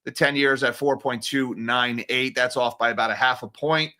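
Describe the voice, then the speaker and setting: A man's voice: mid-range voice, normal speed. A man hosting a daily finance news show, running through market numbers in a casual, sarcastic, jokey way. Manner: sarcastic, animated, jokey asides.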